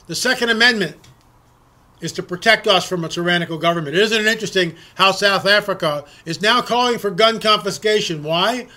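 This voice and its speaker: A man's voice: high-pitched, brisk, sharp tone. A middle-aged man delivering an indignant political opinion monologue, ranting and firing off rhetorical questions. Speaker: political commentator.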